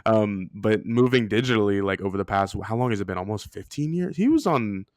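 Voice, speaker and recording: Smooth-voiced man in excited sports chat. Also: on the low side, a little fast, no room sound. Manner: enthusiastic, filler-heavy, laughs often. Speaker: podcast co-host. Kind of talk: casual sports podcast chat.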